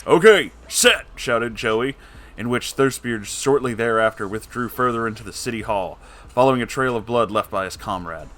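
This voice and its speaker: A man reads a storybook tale aloud dramatically, switching into voices for the characters. His voice is lowish and a bit bright, at a normal speed.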